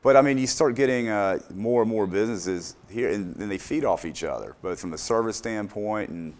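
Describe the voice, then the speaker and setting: A man's voice: on the low side, normal speed, a little mellow. A middle-aged man, a business owner answering interview questions casually, with many fillers and restarts.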